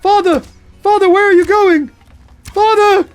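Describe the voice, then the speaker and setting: A shrill, wailing chorus of skeleton children, pleading in an overwrought, melodramatic voice pitched far above his own. It sounds loud and desperate, like a game joke. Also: steady tone, a little slow, soft background music. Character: wailing skeleton children begging their dragon father.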